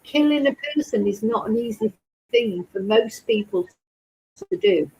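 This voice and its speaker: On a rough recording, a true crime host speaks in a fairly high, expressive voice that's gravelly and mellow, taking her time. Her talk is a casual, rambling chat with live chat viewers, full of rhetorical questions.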